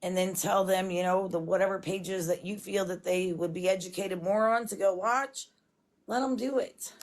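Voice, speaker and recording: This woman speaks at a normal speed in a mid-range voice with fairly even intonation. She's livestreaming from her home kitchen, chatting casually in long, rambling stretches and leaning often on "it's like."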